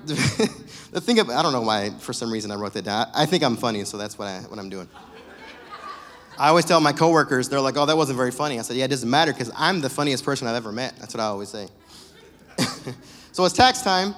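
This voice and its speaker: Man, young adult, preacher, casual joking sermon, fairly high voice, echoing hall. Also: fairly bright tone. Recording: long reverb of a church hall.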